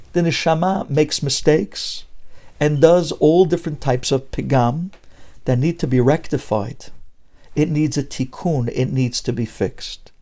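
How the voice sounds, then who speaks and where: A man's voice: on the high side, mellow. A man giving a Torah sermon as a rabbi, preaching emphatically with rhetorical questions and mixing Hebrew terms into English.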